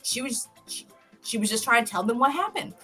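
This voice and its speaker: Brief woman, higher-pitched and bright, swearing freely through an animated casual episode recap. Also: brisk, soft background music. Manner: animated, profane, storytelling. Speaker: podcast co-host.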